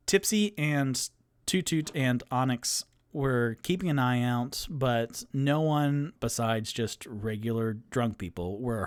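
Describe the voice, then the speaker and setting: A man's voice: medium pitch, dry recording. A man who is the game master and sole player of a tabletop game, narrating in a rambling, casual way.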